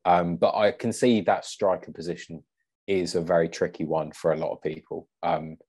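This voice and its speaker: Man, podcast guest, low voice, measured, casual. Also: expressive, vocal fry, a little mellow, slightly rough. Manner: measured, thinks aloud with fillers.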